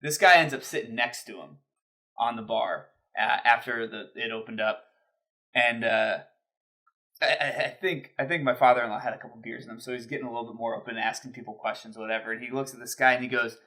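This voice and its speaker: Bright-voiced man telling stories. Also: mid-range voice, fairly quick. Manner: animated storyteller, swears casually. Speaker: podcast co-host. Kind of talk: casual chat.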